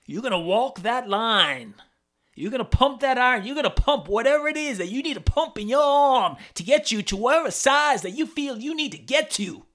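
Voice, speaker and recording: A man's voice: extremely high pitch, expressive, normal speed, voice pushed up. A man putting on a boastful, swaggering male pro wrestler persona with a put-on Southern drawl. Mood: bragging. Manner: bragging, loud promo-style bluster.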